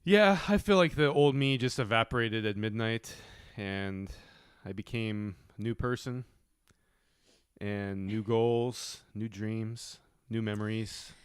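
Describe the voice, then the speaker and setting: A man co-hosting a podcast in casual chat, joking in a deadpan way. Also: lowish voice, takes it slowly, clean tone, dry recording, clean studio sound. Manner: deadpan joking, animated voices in quotes. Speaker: podcast co-host.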